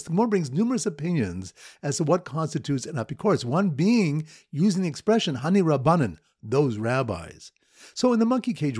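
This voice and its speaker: A man gives a daily Talmud lesson, telling playful memory stories and quizzing his listeners. His voice sits fairly high and swings widely in pitch with a husky, breathy edge. The sound is dry and close, with no room echo. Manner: lively storyteller who repeats his memory stories. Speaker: Talmud teacher.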